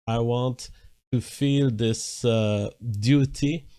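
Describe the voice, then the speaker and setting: Male live-stream talk host, mid-range pitch, measured and deliberate. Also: steady tone, mellow, clear, resonant tone. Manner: measured, deliberate, reads viewer comments aloud.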